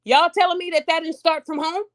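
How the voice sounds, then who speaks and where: Here a podcast host with a very high-pitched voice speaks a little fast, giving lively, casual commentary straight to her audience. She's animated and slips into acted-out voices along the way.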